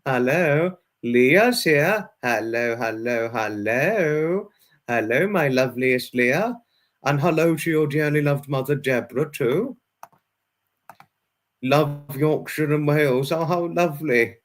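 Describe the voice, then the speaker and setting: This livestream host has a slightly high, expressive voice and takes a slow pace. He goes through the viewers' chat one message at a time, repeating himself often, with plenty of fillers and false starts in a casual style.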